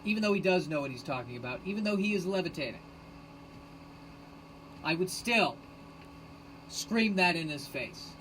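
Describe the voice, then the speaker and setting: A man hosting a rambling solo live stream on his phone, sarcastic and self-mocking, bursting into shouted rants. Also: sits high, lively intonation, normal speed, long pauses, slight background noise, low-quality recording. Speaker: podcast host streaming live.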